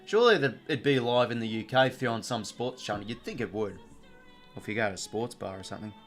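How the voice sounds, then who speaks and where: A man's voice: on the low side, quick pace, faint music behind. A young Australian man hosting a live watch-along stream, chatting casually, full of fillers and greeting viewers from chat.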